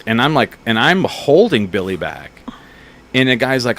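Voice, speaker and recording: A man in his thirties hosting a podcast, telling bar-fight stories in a casual, profane, animated way. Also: mid-range voice, brisk. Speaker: podcast host. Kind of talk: casual storytelling chat.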